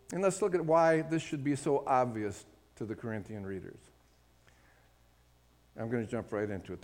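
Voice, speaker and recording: A man with a medium-pitched, darkish voice preaches emphatically in a hall full of long reverb. He repeatedly asks the congregation for an amen.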